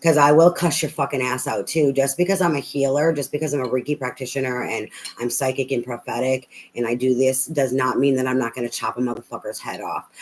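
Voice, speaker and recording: A woman's voice: very deep voice, low-quality recording. A woman tarot reader on a live reading, talking bluntly and profanely in a rambling, ranting way with many fillers.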